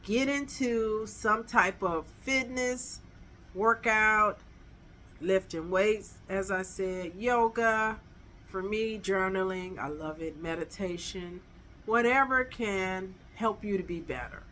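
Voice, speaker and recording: A woman's voice: mid-range voice, slow, a bit bright, a little hiss or hum. A middle-aged woman, giving emphatic, chatty dating advice straight to her viewers. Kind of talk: casual advice vlog.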